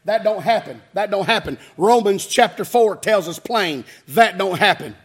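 Preacher man, real high husky voice, hollering and chanting hallelujahs at the church. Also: lively intonation, moderate pace. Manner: shouted, chanting cadence with frequent hallelujahs; calls to the congregation. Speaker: pastor. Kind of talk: fiery revival sermon.

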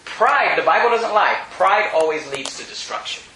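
A man preaching a sermon in a very high, piercingly bright voice. He talks in an animated way, restarts and repeats words, and bursts loud when he acts out quotes. His voice rings through a very echoey church hall. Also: normal speed, a little hiss or hum. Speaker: pastor.

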